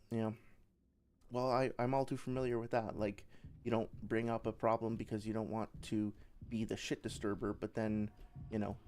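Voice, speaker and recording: This is casual let's-play commentary from a man with a lowish voice and a darkish tone. He rambles and swears freely as he plays, with faint game music in the background.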